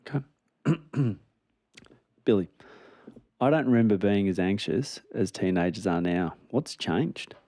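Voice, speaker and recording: A man's voice: fairly low pitch, expressive, unhurried, pauses often, warm tone. A man co-hosting a podcast, putting direct questions to his partner and answering with brief affirmations. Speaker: podcast co-host asking questions. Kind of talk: casual conversational interviewing.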